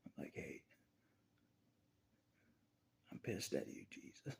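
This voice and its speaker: A man talking straight to the camera in a rambling casual monologue, often laughing and ranting out loud at God. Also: a little fast. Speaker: vlogger.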